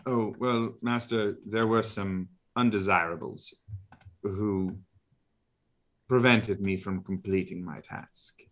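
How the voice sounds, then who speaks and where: A man's voice: on the low side, fairly even intonation, slow pace. A man doing a meek, flustered drow servant. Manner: meek, deferential.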